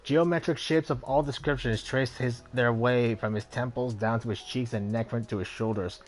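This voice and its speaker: A man's voice: mid-range voice, steady tone, moderate pace. A young man hosting a let's play, reading game text aloud and reacting with casual asides.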